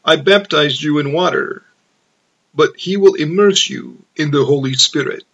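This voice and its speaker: A man's voice: a little high, a little slow, vocal fry, a bit bright, dull audio, full character voice. A man reading the words of a humble male preacher in the wilderness, plainly and earnestly. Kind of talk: dramatized scripture reading.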